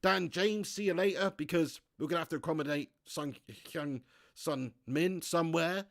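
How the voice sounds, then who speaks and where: A man hosting a live fan stream, chatting excitably and reading out viewer comments. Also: fairly high pitch, moderate pace, gravelly, no echo. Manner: excitable, chatty, often laughing. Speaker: fan channel host.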